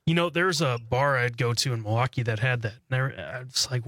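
A man sidekicks on a radio show in a bright, crisp voice. He chats casually, mostly with short remarks that agree with the host. The sound is dry. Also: mid-range voice, fairly quick, no echo. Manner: brief, agreeable interjections.

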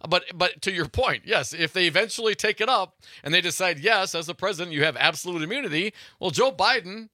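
A man hosting call-in talk radio with a very bright, forceful voice that sits a little high. He chats casually, laughs easily and jumps in on callers. The studio sound is dry and close. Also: lively intonation, a little fast, no room sound. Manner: chatty, laughs often, interrupts callers. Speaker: radio talk show co-host.

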